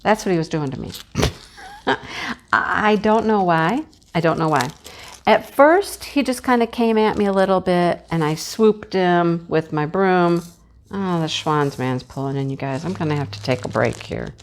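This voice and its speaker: A woman hosting a casual chat vlog, telling an animated, rambling story and laughing often. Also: on the low side, moderate pace. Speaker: craft channel host.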